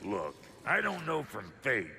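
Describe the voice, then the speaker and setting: A man voicing a gruff, foul-mouthed male dwarf blacksmith in a video game, brash and slangy, with a gravelly voice. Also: mid-range voice, wildly swooping pitch, a little slow, pushed and bright, full character voice. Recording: game audio with music behind.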